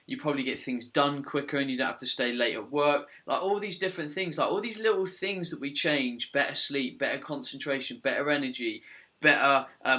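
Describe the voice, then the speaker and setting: A man's voice: medium pitch, sharp tone. A British man hosting a podcast, chatting casually in an enthusiastic, persuasive manner. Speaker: podcast host.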